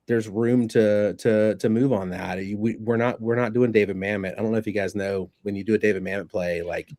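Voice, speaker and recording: A man's voice: lowish voice, fairly even intonation, brisk, darkish tone, no echo. Chatty man hosting a podcast. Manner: chatty, storytelling, many restarts. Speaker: podcast host, actor. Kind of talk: casual podcast chat.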